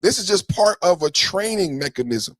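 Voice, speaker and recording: A man's voice: high voice, lively intonation, normal speed, no room sound. Dry-voiced man ranting on a podcast. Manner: rambling, repeats phrases, builds an argument. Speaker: podcast host. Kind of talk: ranting reaction commentary.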